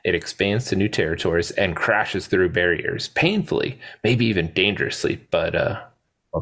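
A man's voice: low-pitched, moderate pace, a bit bright. A man co-hosting a podcast, casually chatting about a movie, quoting lines and laughing often. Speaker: podcast co-host.

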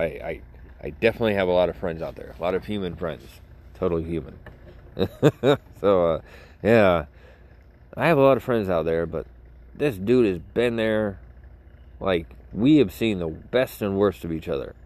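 A man's voice: sits low, darkish tone. A man rambling and joking to his viewers in a casual vlog, self-mocking and chatty. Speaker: vlogger.

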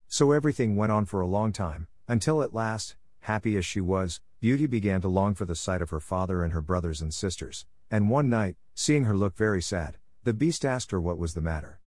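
A male narrator reads a classic fairy tale in a steady, even storytelling manner. His voice is on the low side, and the recording is dry and close with no room sound. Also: fairly quick, hardly any pauses, no room sound. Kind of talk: scripted audiobook narration.

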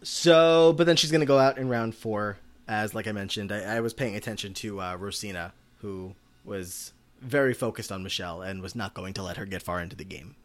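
A man's voice: fairly low pitch, a little fast, few pauses. A man co-hosting a podcast, chatting casually and rambling with lots of filler words. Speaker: podcast co-host. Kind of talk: casual recap chat.

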